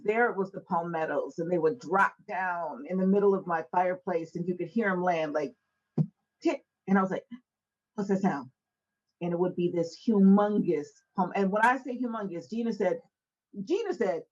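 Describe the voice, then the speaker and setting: A woman hosting a Bible study podcast, telling stories in a casual, animated way, acting out quoted voices and laughing often, on an indoor set. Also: mid-range voice, breathy edge, highs cut off. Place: indoor set with a fireplace backdrop.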